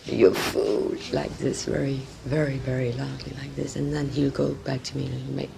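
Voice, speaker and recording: Woman, actress, gravelly voice, halting, faint tape hiss. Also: a bass voice, flat delivery. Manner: halting, searching for words, many restarts. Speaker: actress and director, interview guest. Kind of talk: casual interview talk.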